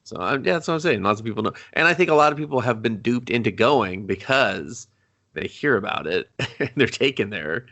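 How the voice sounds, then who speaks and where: A man co-hosting a casual movie review chat, animated and laughing, acting out quotes in silly voices. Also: medium pitch, a little fast. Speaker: podcast co-host.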